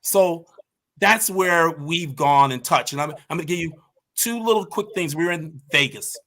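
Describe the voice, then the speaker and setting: Passionate man telling stories, fairly high voice. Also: moderate pace, pushed and bright. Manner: passionate, emphatic storyteller. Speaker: podcast guest, martial arts team leader. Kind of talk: conversational storytelling.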